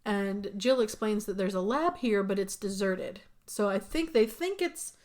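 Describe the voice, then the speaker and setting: A woman co-hosting a podcast, retelling a movie plot in a rambling, casual way full of "like" and quick asides. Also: mid-range voice, lively intonation, darkish tone. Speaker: podcast co-host recapping a movie. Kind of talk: casual chat.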